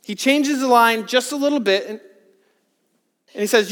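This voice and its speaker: Preacher, male, very high voice, earnest and building, long hall reverb. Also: normal speed. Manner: earnest, builds from hushed to emphatic with rhetorical questions. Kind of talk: sermon.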